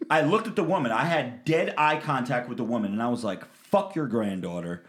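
A man's voice: medium pitch, fast. A man telling a crude story in a casual podcast chat, swearing constantly and acting out what people said. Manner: profane, animated, acts out quotes.

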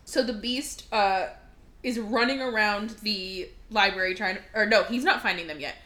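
A woman chatting on a podcast, retelling a movie with lots of swearing and acted-out lines. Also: normal speed. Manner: animated, swears, acts out characters in high voices. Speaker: podcast guest. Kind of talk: casual podcast chat.

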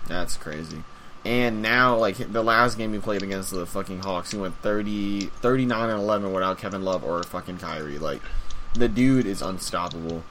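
A young man co-hosting a podcast, talking in casual, profane, animated bursts. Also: low-pitched, normal speed, slight background noise. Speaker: podcast co-host. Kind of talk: casual chat.

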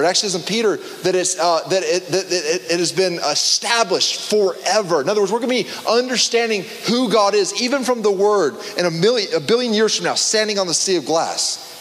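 In a large hall, a man with a high-sitting voice preaches a casual sermon to a small group. He is conversational and animated, with frequent restarts and fillers.

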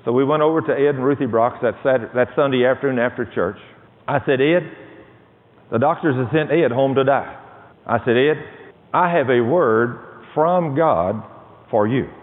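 A man's voice: mid-range voice, moderate pace. A man preaching a testimony sermon, telling a story with dramatic quoted dialogue. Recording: tinny phone-like audio with long reverb.

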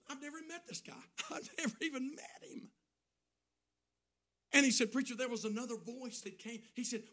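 High, bright-voiced preacher shouting a sermon. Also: male voice, animated, brisk. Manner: preaching in shouted bursts and dropping to a hush. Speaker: pastor.

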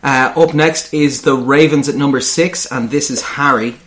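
A relaxed man hosts a podcast, keeping the talk loose and joking. He laughs easily and swears without fuss, with a voice of ordinary middling pitch. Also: normal speed. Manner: laid-back, laughs often, swears casually. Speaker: podcast host running a mock draft. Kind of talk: casual joking chat.

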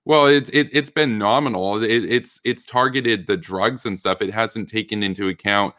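Man, very low pitch, dry recording, earnest, halting political debate. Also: bright, forceful tone, no room sound. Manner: earnest, halting, many restarts. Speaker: debate guest.

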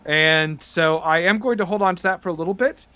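A man narrating and chatting as game master on a tabletop podcast, rambling with many fillers and getting excited. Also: high-pitched, fairly quick, no room sound.

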